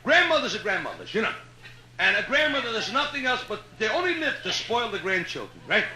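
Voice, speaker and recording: A comedian from Brooklyn, New York, speaking with the local accent, works a live hotel nightclub crowd in a high, bright, forceful voice, very animated and a little fast. He tells jokes brashly and chattily, with lots of "you know" and "right?" It was recorded in an echoey live room on old vinyl.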